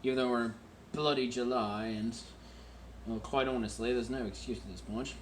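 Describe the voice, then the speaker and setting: A man hosting a casual wine-tasting vlog at home in a deliberately put-on British accent, joking and rambling about himself while recording on a phone. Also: medium pitch, steady tone, slight background noise. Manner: jokey, rambling and self-mocking.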